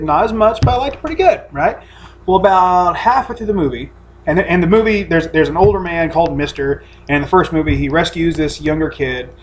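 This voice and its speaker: A man's voice: on the high side, a little hiss or hum. A man co-hosting a casual podcast from home, telling stories in a rambling, profane way with many restarts. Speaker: podcast co-host. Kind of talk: casual chat.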